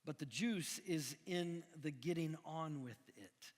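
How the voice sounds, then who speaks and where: A middle-aged man from Missouri preaching a conversational sermon, animated and full of restarts. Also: a little high, slow pace. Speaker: pastor. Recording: long echoing hall reverb.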